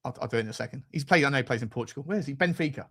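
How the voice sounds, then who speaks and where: A man's voice: mid-range voice, lively intonation, very fast, sharp tone, slightly rough. A man hosting a fan live stream, reading out super chats in a rambling, sweary way that keeps going off on tangents. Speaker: fan channel host.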